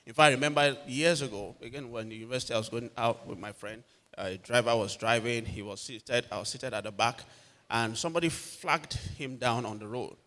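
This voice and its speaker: A man's voice: medium pitch, a little fast. A man preaching a sermon, telling personal stories and acting out what people said. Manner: animated storyteller acting out quotes. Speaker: pastor. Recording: long hall reverb.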